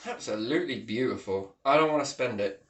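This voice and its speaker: A man's voice: mid-range voice, fairly quick. Rambling man in an echoey room. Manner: rambling, swings between muttering and loud exclamations. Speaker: vlogger. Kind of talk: casual vlog monologue.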